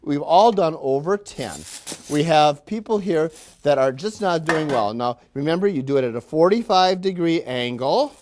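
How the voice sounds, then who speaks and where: A man plays a self-important factory manager in a classroom role-play. The voice sits high and bright, and it is loud and sugary with condescension. He praises and scolds his workers in the same patronizing tone. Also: background noise. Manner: falsely cheerful, condescending and scolding.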